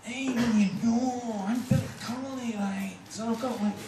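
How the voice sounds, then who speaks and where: A chatty, long-haired male comic who drawls along, as a man puts him on. His voice lifts high. It sounds distant in a roomy bar. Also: fairly even intonation, normal speed. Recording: echoey bar heard from afar, noisy.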